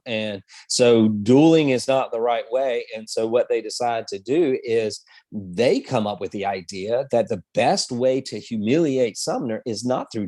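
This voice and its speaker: A man's voice: medium pitch, mellow, dry recording. A man co-hosting a history podcast, telling the story in a casual, rambling way with many fillers. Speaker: podcast co-host.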